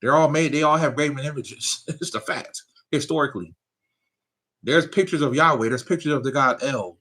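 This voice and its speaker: A man's voice: on the high side, normal speed, pushed and bright. A man, giving a casual, loose spiritual talk to his viewers, often asking if they follow him. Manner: loose, conversational preaching with frequent laughs and "you know what I'm saying". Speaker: spiritual teacher.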